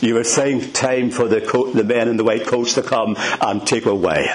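A man's voice: mid-range voice, fairly even intonation, moderate pace, poor audio. A man preaching a sermon, emphatic and asking the congregation rhetorical questions.

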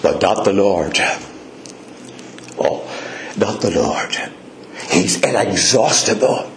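A man's voice: deep voice, lively intonation, takes it slowly, vocal fry, slight background noise. A man preaching a sermon, addressing the congregation by name with fervent, repeated emphasis. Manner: speaks directly to congregation members by name. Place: church hall before a congregation. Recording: roomy hall echo.

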